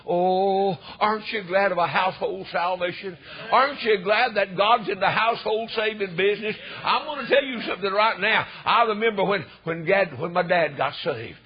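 An older man, preaching a fervent storytelling sermon that swells into emphatic shouts. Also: high-pitched, moderate pace, hardly any pauses. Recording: dull lo-fi recording.

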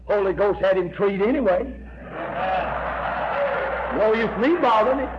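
A man preaching a fiery revival sermon, emphatic and repetitive, building to shouts as he tells his story. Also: sits high, measured pace. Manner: emphatic, repeats "I tell you" and "amen", rises to shouts. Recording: dull lo-fi recording with faint hiss.

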